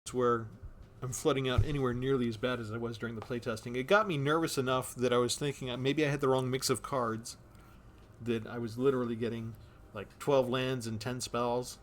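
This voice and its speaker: A man's voice: medium pitch, steady tone, fairly quick, slight background noise. A man giving casual commentary on a card game he is playing, thinking aloud about his moves.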